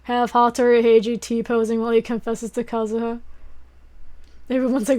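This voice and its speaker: A young woman streamer rambling in a casual late-night chat, breaking into giggles and excited fangirling. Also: a little high, moderate pace.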